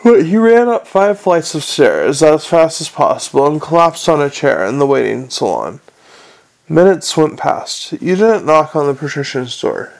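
A man narrating a storybook in a wry, even reading manner. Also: on the high side, measured pace, creaky. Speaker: audiobook narrator.

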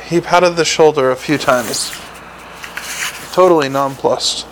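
A man's voice: on the high side, measured pace, slight background noise, low-quality recording. A man reading a novel aloud as narrator, with occasional slips and restarts. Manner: reads with small slips and restarts. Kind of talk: audiobook narration.

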